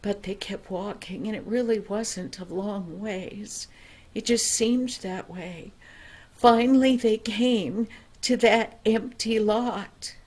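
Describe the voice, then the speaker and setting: A grandmotherly storyteller reading a children's tale aloud, gentle and unhurried. Her voice sits a little high for a woman, and she takes her time over every phrase. On quiet moments she drops to a near whisper. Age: older.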